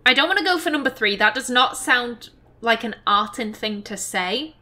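A woman hosting a let's play, chatting casually and thinking out loud as she plays. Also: on the high side, lively intonation, moderate pace. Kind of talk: casual gameplay commentary.

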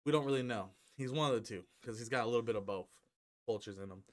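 A young man with a mid-range voice talks fast in a casual, rambling vlog to camera, joking, swearing freely and dropping ums into the gaps. He's a gaming YouTuber recording on a headset at home with his dog.

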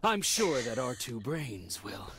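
An actor voicing a vain young American stage star with a thick American accent, talking in a gushing, theatrical way. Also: male voice, mid-range voice, big pitch swings, slow, very noisy.

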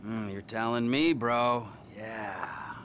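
A man's voice: lowish voice, steady tone, takes it slowly, a bit bright, a little hiss or hum. An actor playing a volatile, unhinged male criminal in a video game cutscene, sarcastic and swinging into manic cheer. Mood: mocking.

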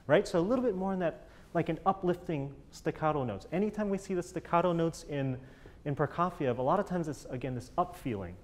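A man's voice: a little high, fast talker. Encouraging male master class teacher. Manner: enthusiastic, encouraging, sings rhythms with syllables. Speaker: bass teacher coaching a chamber ensemble.

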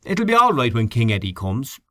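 A man's voice: medium pitch, huge pitch swings, a little fast, bright, forceful tone, dry recording, studio quality. A man voicing a sardonic, teasing visitor in a storybook reading.

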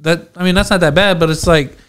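A man's voice: high-pitched, quick pace. A man casually retelling a story on a podcast, rambling with lots of fillers and quoting himself. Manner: rambling, animated retelling with many "like"s and acted-out quotes. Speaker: podcast co-host.

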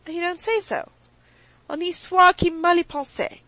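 A woman's voice: very high voice, unhurried, pushed and bright, no room sound, voice pushed up, full character voice, poor audio. A woman reading an offhand young aristocrat. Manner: light, offhand, casual. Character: young aristocratic officer, adult man, easygoing. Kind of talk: audiobook character reading.

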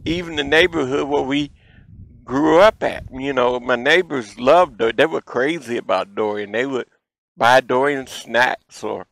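Gravelly folksy man telling stories. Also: medium pitch, measured pace, rough recording. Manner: folksy, animated storyteller. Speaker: show host. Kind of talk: storytelling childhood memories.

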